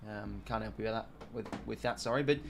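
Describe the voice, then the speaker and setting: A man's voice: fairly low pitch, brisk, creaky. An Australian man in his young adult years calls a football match live for a watch-along stream. He talks in a chatty, rambling way, breaking off into joking asides to his viewers before getting back to the play. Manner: chatty, rambling, self-deprecating asides to chat. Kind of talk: casual live game commentary.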